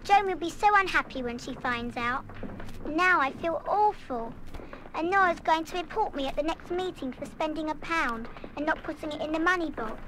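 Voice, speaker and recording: A woman's voice: sits high, expressive, moderate pace, fairly bright tone. A woman playing a kind-hearted, impulsive boarding-school girl who frets over her mistakes, in 1970s radio play style. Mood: remorseful. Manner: earnest, fretful self-reproach. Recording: hissy old vinyl record.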